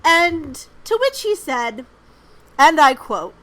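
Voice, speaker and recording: A woman's voice: high voice, very animated, slow, a bit bright, rough recording. A woman co-hosting a podcast, telling rambling stories in casual chat, with lots of "um" and "like" and free swearing. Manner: rambling storyteller, frequent "um" and "like", swears freely. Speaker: podcast co-host.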